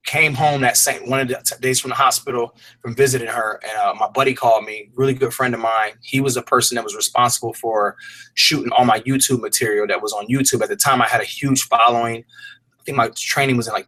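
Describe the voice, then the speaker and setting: A man's voice: medium pitch, fairly even intonation, brisk, a bit bright, poor audio. A man telling a personal story as an interview guest, earnest and rambling, with casual slang and frequent restarts. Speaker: fitness program creator, interview guest.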